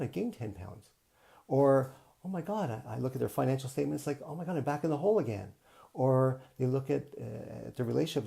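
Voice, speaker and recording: Gravelly, mellow-voiced man coaching. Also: mid-range voice. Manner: earnest, repetitive, teacherly. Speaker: self-help coach. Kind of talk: live-streamed motivational talk. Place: home, streaming live online.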